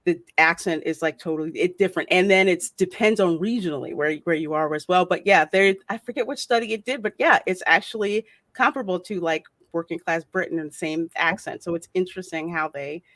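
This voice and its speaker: A woman's voice: on the low side, moderate pace, a bit bright, dry recording. A woman hosting a live stream, chatting casually and reading out viewer comments. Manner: reads viewer comments aloud, chatty and laughing.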